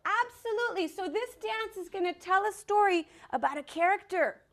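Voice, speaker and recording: A woman's voice: very high-pitched, animated, normal speed. A woman teaching a dance class to young children, talking energetically and counting the rhythm aloud.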